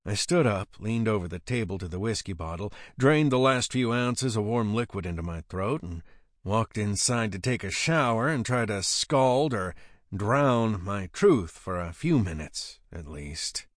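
A man's voice: fairly low pitch, lively intonation, a little slow, dry recording, clean studio sound. A man narrating first-person fiction with a wry, gritty delivery. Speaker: audiobook narrator.

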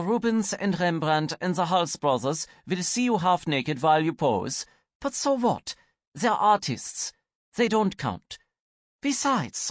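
A man's voice: a little high, no echo, voice pushed up. A man reading an audiobook and voicing a blunt young woman who speaks in a dry, matter-of-fact, dismissive way. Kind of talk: audiobook character voice.

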